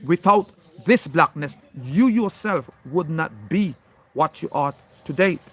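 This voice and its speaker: Man, slow deliberate delivery, higher-pitched voice, preachy impassioned monologue, emphatic and insistent. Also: lively intonation. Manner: emphatic and insistent, stressing single words; preachy, addressing an unseen critic directly. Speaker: monologuing speaker.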